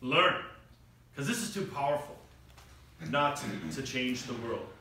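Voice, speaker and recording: A man's voice: medium pitch, sing-song, measured pace, pushed and bright, a little hiss or hum. A middle-aged man preaching a sermon, telling stories with acted-out quotes and rising emphasis. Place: church hall. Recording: echoey room picked up from far off.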